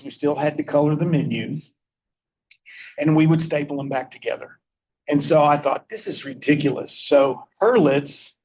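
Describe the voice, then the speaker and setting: A man's voice: fairly high pitch, darkish tone, lo-fi sound, a little hiss or hum. A man telling folksy anecdotes about running a restaurant to a small audience, acting out quoted dialogue. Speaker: guest speaker telling restaurant history. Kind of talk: casual storytelling to a small group.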